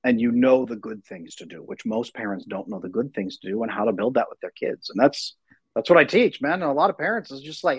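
A husky-voiced man in his thirties speaks as a guest in a podcast-style interview. He talks about parenting in a lively, conversational way. His voice sits in an ordinary pitch range, and the recording is close and dry. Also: a little fast, dry recording, poor audio. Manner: animated, acts out voices in anecdotes.

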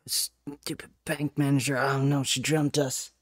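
A man's voice: medium pitch, little pitch movement, measured pace, no room sound, studio quality. A man playing a tabletop game in character, hesitant and coaxing. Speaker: player.

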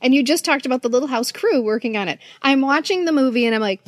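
A woman co-hosting a podcast, chatting casually and asking questions in an animated, playful way. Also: high voice, quick pace, no room sound, studio quality. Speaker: podcast co-host. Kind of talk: casual chat.

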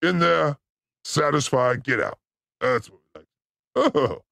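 Crude jokey guy riffing on clips for his stream chat, highish gravelly voice. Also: a little slow, fairly bright tone, dry recording, clean studio sound. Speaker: show host reacting to clips. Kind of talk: livestream clip commentary.

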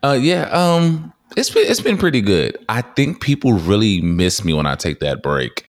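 A man hosting a podcast, chatting casually as a guest and telling stories with lively, high-pitched quotes. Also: moderate pace, no room sound, studio quality. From Texas. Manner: animated storyteller, acts out quotes in high voices. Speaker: podcast host. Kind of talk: casual interview chat.

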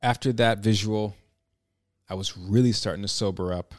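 A man telling a personal story in a reflective, halting way, with many restarts. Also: on the low side, fairly even intonation, no echo, studio quality.

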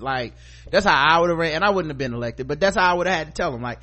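A man hosting a podcast, recapping a TV episode in a casual, joking, animated way. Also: a little high, quick pace. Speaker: podcast host.

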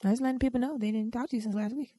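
A woman's voice: on the high side, steady tone, very fast, dark tone, slightly rough, no room sound, studio quality. A woman co-hosting a podcast in casual chat, playful and teasing, laughing often. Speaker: podcast co-host.

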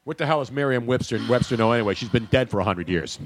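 A man's voice: mid-range voice, expressive, quick pace. An older man hosting a casual podcast, teasing his co-hosts and laughing often. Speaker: podcast host. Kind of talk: casual sports podcast banter.

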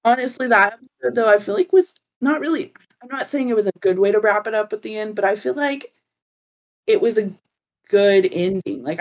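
A woman guest on a podcast, chatting casually and leaning on "like" as she talks. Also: medium pitch. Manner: chatty, full of "like" fillers.

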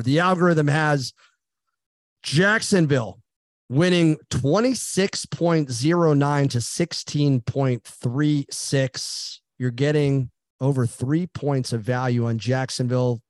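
A man hosting a sports betting show, briskly rattling off spreads, percentages and his picks. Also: mid-range voice, no echo, studio quality. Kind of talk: casual sports betting chat.

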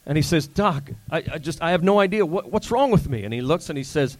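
A man's voice: on the high side, lively intonation, fast talker, hardly any pauses, no room sound. A man who hosts radio, telling a joke and making wry asides in casual chat. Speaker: radio host.

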